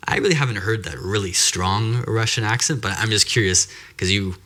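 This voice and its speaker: A man hosting a podcast interview in relaxed casual chat, often affirming with "mm-hmm". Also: on the low side, brisk. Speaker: podcast host.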